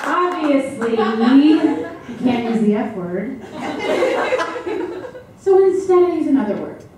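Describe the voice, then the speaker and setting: A woman's voice: sits high, mellow. A woman in her thirties doing a brash, profane comic monologue on stage, talking straight to the audience. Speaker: mother performing a one-woman comedy show. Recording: echoey room picked up from far off with background noise.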